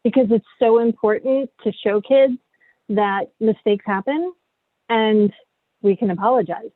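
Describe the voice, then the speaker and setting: A woman's voice: on the high side, a little slow, no echo. Woman coaching parents over a tinny call. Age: middle-aged. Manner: candid, coaching, frequent rhetorical "right?". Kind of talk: online parenting workshop.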